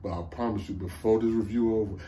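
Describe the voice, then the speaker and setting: A man with a Southern American accent recapping a TV episode in a casual, excited, profane way, laughing often, slumped low in a seat at home. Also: fast, slight background noise. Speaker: TV review vlogger.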